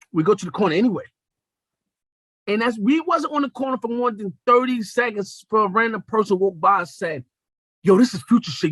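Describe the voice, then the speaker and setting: Young guy podcast host ranting a funny story, high bright voice, bit husky, lots of cussing. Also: no room sound. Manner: animated, profane, acts out quotes in shifting voices. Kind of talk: comedic storytelling monologue.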